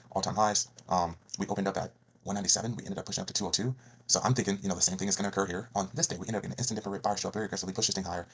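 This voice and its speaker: A man's voice: deep voice, a bit bright, slightly rough. A man hosting a trading channel, walking through his week's trades on a chart, emphatic and repeating key phrases. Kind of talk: screen-share trade recap.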